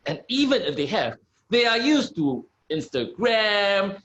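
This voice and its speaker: A man's voice: sits high, very animated, unhurried, fairly bright tone, muffled recording. A middle-aged man giving a keynote talk, bringing in guests and asking the audience rhetorical questions. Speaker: keynote speaker and host.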